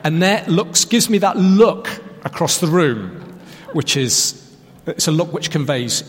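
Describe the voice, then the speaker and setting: A man preaches in a church hall, telling a story with dry, self-deprecating humour. His voice is fairly high for a man, and a long reverb trails each phrase. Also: expressive, a little slow. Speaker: pastor. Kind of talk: sermon.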